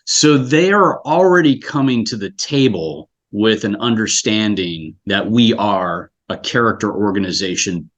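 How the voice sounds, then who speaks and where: A man's voice: fairly low pitch, animated, unhurried, hardly any pauses, fairly bright tone. A man from South Florida, a scouting executive director, talking earnestly and reflectively in an interview, often restarting his sentences. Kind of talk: casual interview chat.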